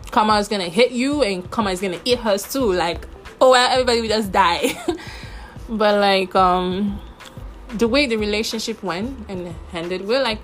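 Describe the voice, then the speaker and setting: A woman hosting a podcast, telling a personal story in a candid, chatty way, swearing freely and using lots of fillers. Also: lowish voice. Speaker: podcast host. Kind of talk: casual storytelling monologue.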